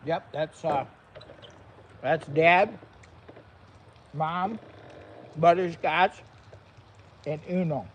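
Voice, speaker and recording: A man's voice: a little high, very slow, pauses often, slight background noise, poor audio. A man hosting a vlog, chatting upbeat and straight to viewers while eating and cooking. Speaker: vlog host. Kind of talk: casual chat to camera.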